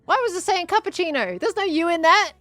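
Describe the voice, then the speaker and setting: A woman's voice: extremely high pitch, lively intonation, a little fast, fairly bright tone, dry recording, faint music behind. A woman, chatting casually on a live stream, rambling and laughing as she reads chat. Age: 20s.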